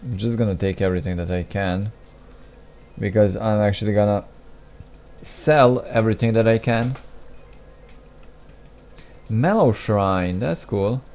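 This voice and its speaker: A young man talks through a game in a slow, unhurried way, with a soft, mellow tone. He mutters, restarts his sentences and makes self-deprecating asides. Faint game music plays behind him. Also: lowish voice. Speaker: gameplay commentator. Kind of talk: casual gameplay commentary.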